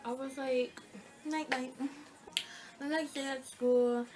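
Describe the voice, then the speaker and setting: A young woman casually telling a personal storytime, acting out the quoted lines with lively, animated retelling. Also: high voice, measured pace, background noise. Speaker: storytime vlogger.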